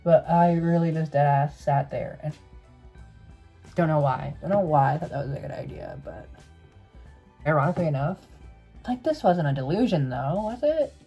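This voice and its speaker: A man's voice: fairly high pitch, animated, moderate pace, long pauses, warm tone, breathy edge, muffled recording, soft background music. A young man in drag telling a spooky story to camera in a sassy, profane, dramatic way.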